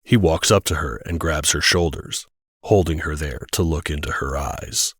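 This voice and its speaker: A man narrating an audio drama in a measured, descriptive way. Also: a bass voice, fairly bright tone, slightly rough, no room sound, clean studio sound. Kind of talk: scripted narration.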